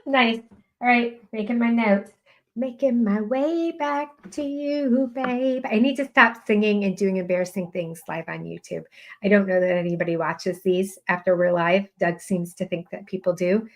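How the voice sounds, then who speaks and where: A woman's voice: fairly low pitch, level tone, moderate pace. Chatty woman hosting a live stream. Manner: chatty and self-deprecating, reading out viewers' updates. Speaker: host of a live writing sprint stream. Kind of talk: casual live-stream chat.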